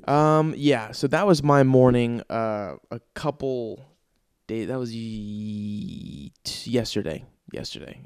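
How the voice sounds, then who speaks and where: A man's voice: mid-range voice, clean tone, dry recording, studio quality. A young man hosting his own podcast, telling stories in an exasperated, profane, ranting way with sighs and laughs between bits. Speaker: podcast host. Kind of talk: casual comedic monologue.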